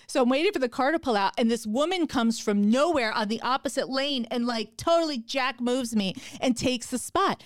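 A woman's voice: sits high, lively intonation, normal speed, few pauses, dry recording, clean studio sound. A woman hosting a podcast in casual chat, telling stories with animation and acting out her own quotes. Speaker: podcast host.

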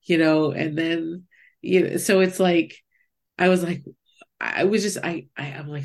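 A woman from Pennsylvania telling an animated personal story in a casual chat. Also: on the low side, measured pace, vocal fry. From US East Coast, Pennsylvania. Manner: animated storytelling, quoting others.

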